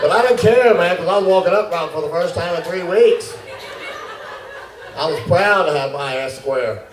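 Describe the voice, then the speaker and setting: A man doing stand-up comedy, telling a fast, animated story and acting out his own panic. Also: high-pitched. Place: comedy club with laughing audience. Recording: roomy, distant club recording with noise.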